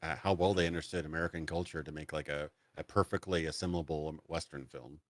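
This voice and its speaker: Deep-voiced, laid-back man, dry mic. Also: fairly even intonation, quick pace, no room sound. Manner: laid-back, laughs often, trails off with fillers. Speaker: streamer co-host. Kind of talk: casual podcast chat.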